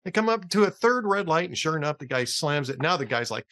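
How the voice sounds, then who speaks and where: Chatty male host with a lively voice. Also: fairly high pitch, fast talker, hardly any pauses. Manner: chatty, laughs at his own jokes, tells jokes with small acted voices. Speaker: podcast host. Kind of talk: casual political talk show chat.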